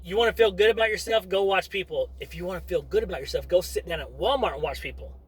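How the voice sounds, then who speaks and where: A man's voice: high voice, fast talker, breathy edge, low-quality recording. A middle-aged man chatting to camera as a vlogger in a rambling, wandering way, breaking off into asides. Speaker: vlogger and father. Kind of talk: casual rambling monologue to camera.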